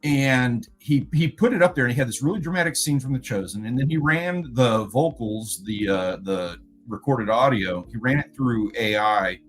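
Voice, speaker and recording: A man's voice: medium pitch, moderate pace, hardly any pauses, faint music behind, poor audio. A man casually recapping a talk to his viewers, rambling and often stopping to search for the right word. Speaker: video creator recapping a conference.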